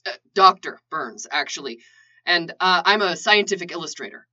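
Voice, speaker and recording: A woman voicing a calm, easygoing man who speaks lower and a little hesitantly, in a lo-fi recording. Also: normal speed. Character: calm, easygoing man, ex-assassin turned illustrator. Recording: lo-fi dull recording.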